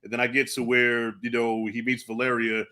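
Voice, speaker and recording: A man hosting a casual movie review chat, loose and animated, laughing often and swearing casually. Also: mid-range voice, a little fast. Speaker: host.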